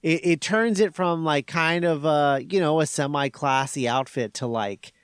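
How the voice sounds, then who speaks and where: A man's voice: fairly high pitch, normal speed, clear, resonant tone, no room sound, studio quality. A man speaking as a guest on a podcast in casual chat, hesitant and full of restarts. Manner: hesitant, many restarts and fillers.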